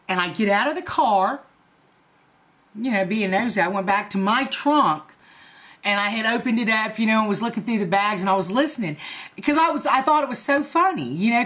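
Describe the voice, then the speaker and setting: A woman's voice: mid-range voice, a bit bright. A woman in her forties telling a story in a casual, profane, laughing way to her viewers. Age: 40s. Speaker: vlogger.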